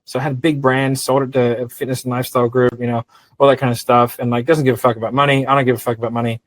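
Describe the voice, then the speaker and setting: A middle-aged man, a business owner, chatting casually on a podcast in a blunt, profane, animated storytelling way. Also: medium pitch, rapid-fire, dry recording, poor audio.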